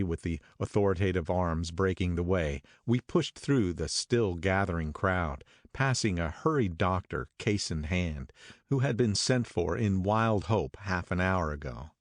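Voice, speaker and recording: A man narrating an audiobook in a measured, steady first-person reading. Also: deep voice, dry recording, clean studio sound.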